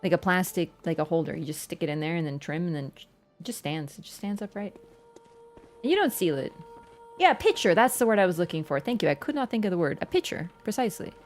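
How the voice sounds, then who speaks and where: A woman's voice: lowish voice, very animated, quick pace, a little mellow, faint music behind. A young Canadian woman chatting casually while livestreaming a game, rambling with lots of "like". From Ontario, Canada. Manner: chatty, rambling, full of "like" fillers. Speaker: streamer.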